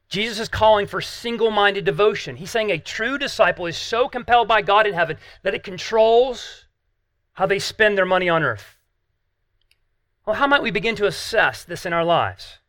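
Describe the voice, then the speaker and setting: A man delivers an earnest sermon, pressing his points with emphasis and rhetorical questions. His voice sits high and bright. The sound is dry and close. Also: animated, normal speed, no echo. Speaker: pastor.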